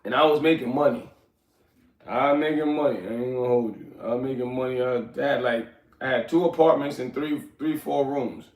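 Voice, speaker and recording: A man's voice: mid-range voice, fairly quick, echoey room, recorded from a distance. A middle-aged man hosting a casual livestream, rambling and streetwise as he talks to his chat. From New York. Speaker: livestream host.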